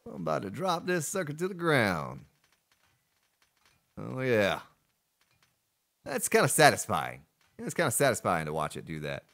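A man's voice: mid-range voice, wildly swooping pitch, measured pace, gravelly, long pauses, fairly bright tone. A male streamer giving playful live gameplay commentary, joking with his chat and thanking donors. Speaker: game streamer.

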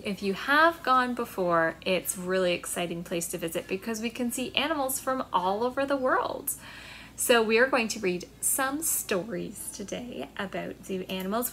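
A woman's voice: a little high, moderate pace, pushed and bright, slight background noise. A young woman, a children's librarian, cheerfully talking young children through a storytime.

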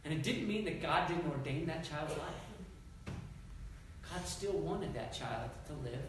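A male pastor preaching a sermon in a conversational, animated way, acting out scripture as he goes. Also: on the high side, unhurried. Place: church. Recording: echoey church hall, distant mic, background noise.

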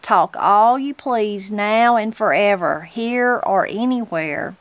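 A woman with a Southern Appalachian accent voicing a cheerful, smoothing-over man in his sixties in a storybook reading. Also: medium pitch, takes it slowly, no echo, lightly acted.

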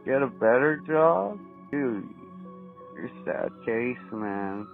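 A man's voice: mid-range voice, expressive, slow, creaky. Man taunting a scammer over the phone. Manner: mocking, profane, taunting. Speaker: prank caller baiting scammers. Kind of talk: prank phone call. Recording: tinny phone line, faint music.

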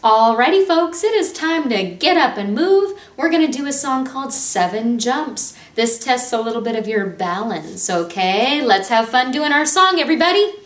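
A woman's voice: fairly high pitch, big pitch swings, normal speed, hardly any pauses. Bubbly female music teacher. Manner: bubbly and encouraging. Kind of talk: storybook read-aloud and movement lesson for young children. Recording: echoey room with faint music.

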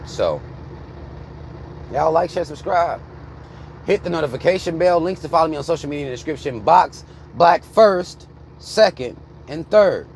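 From the driver's seat, a thirtysomething American vlogger swears his way through a blunt, heated rant. His voice runs on the high side, animated and creaky, at normal speed. Slight background noise comes through.

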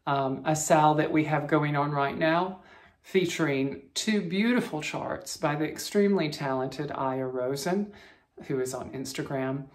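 A woman's voice: low-pitched, unhurried. A woman hosting a cross-stitch vlog from her bedroom, chatting in a friendly, rambling way to her viewers. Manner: friendly, chatty, with frequent restarts and soft laughs. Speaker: cross-stitch vlogger host. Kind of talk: casual chat to viewers. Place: bedroom at home.

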